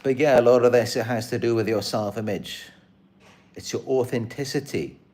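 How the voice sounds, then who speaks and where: A man's voice: mid-range voice, moderate pace, a little mellow. A man hosting his own channel, talking to camera in an earnest, repetitive, aggrieved live-stream monologue. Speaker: channel host.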